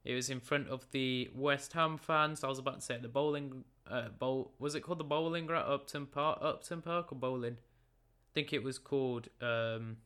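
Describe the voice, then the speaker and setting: Brief: young man in his late teens doing a chatty, jokey football results rundown; bright, smooth voice. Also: medium pitch, moderate pace. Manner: chatty, joking, stumbling over names. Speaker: football recap presenter. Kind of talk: casual football results recap. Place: room at a computer.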